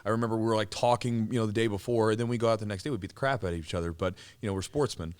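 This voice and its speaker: A man's voice: fairly low pitch, very fast, clean tone. A man hosting a podcast, telling stories casually with lots of fillers, restarts and laughter. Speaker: podcast host, former fighter. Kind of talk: casual storytelling chat.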